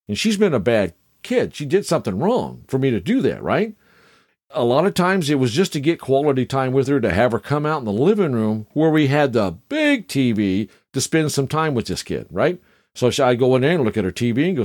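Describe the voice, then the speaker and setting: A man's voice: mid-range voice, big pitch swings, fairly quick, darkish tone, dry recording, clean studio sound. A middle-aged man hosting a casual podcast, telling stories in a rambling, chatty way with asides to the listener. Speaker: podcast host.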